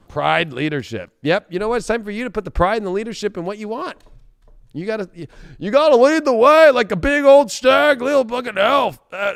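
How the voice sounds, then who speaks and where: A man giving a casual tarot reading, profane and joking, bursting into shouts and silly voices. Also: sits high, creaky, dry recording. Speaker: tarot reader.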